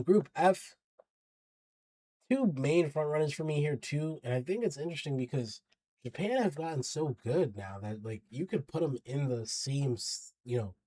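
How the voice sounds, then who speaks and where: A man's voice: mid-range voice, warm tone, no room sound. A man vlogging his football predictions in a loose, chatty way. He drops slang freely and hypes up his picks. His voice sits mid-range and is recorded close and dry, with no room sound at all. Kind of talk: casual predictions commentary.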